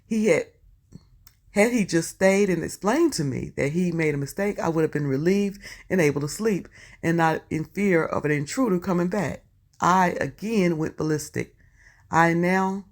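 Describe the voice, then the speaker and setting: A woman's voice: deep voice, darkish tone. A woman with a Southern US accent reading posts aloud for her channel and breaking in with chatty asides and exclamations. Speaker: YouTube commentator.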